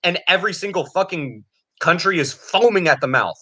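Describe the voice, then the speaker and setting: A man's voice: high voice, lively intonation, a little fast, bright, forceful tone, husky. A man ranting angrily and sarcastically about politics, swearing constantly. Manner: angry, profane, sarcastic ranting. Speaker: podcast co-host.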